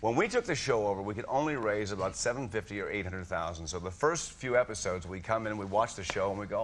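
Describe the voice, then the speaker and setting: A man's voice: fairly low pitch, fast talker, few pauses. A man telling stories as a talk show guest, acting out voices as he goes. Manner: animated storyteller, acts out voices. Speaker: celebrity guest. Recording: noisy studio audience.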